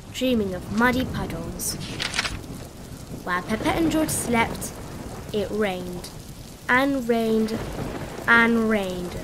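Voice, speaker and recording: A woman narrating a children's storybook aloud in an expressive, sing-song way. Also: a little high. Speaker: storybook reader. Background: background music.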